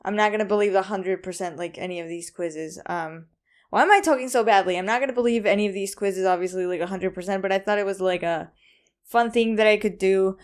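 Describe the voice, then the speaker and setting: A woman's voice: medium pitch, fast. A young woman hosting a casual solo podcast, rambling with lots of ums and likes, a bit anxious and self-conscious. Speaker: podcast host.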